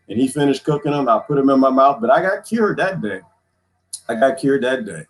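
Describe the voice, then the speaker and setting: A man's voice: mid-range voice, brisk. A man hosting a live stream, telling crude, funny stories in casual chat with his viewers and laughing often. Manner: animated storytelling, crude joking, laughs often.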